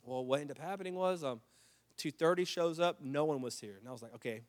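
A man preaching a sermon in a fairly high voice. He builds up loud, drawn-out calls for the congregation to repeat his words. Between them he tells a story in a looser way, full of restarts and fillers. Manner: preaching with rising intensity, call-and-response with the congregation. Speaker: pastor.

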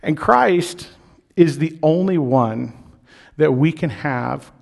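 Unhurried man preaching a sermon. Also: a little high, lively intonation, creaky. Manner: conversational preaching with fillers, slowing on key phrases, rising for emphasis.

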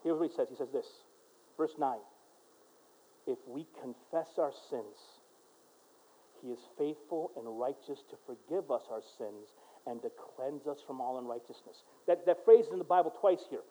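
A male pastor preaching a sermon, dropping to a quiet voice for prayers and rising to loud, emphatic exhortation. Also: mid-range voice, normal speed, breathy edge, poor audio.

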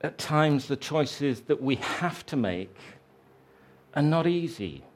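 A man preaching a sermon, telling a story slowly and reflectively, raising his voice for the quoted lines. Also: fairly high pitch, expressive.

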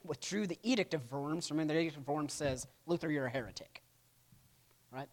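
A man's voice: fairly high pitch, a little fast. A man teaching a church history class in a casual lecture style, often checking in with "right?" and acting out quotes. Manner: casual, peppers lines with "right?"; acts out quotes in playful voices.

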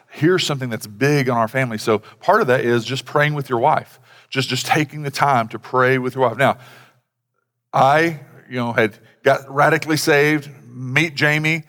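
Rambling man preaching in a reverberant hall. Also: fairly bright tone. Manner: rambling, conversational, many fillers and restarts; acts out quoted dialogue in a lower voice. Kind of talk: sermon on family devotions.

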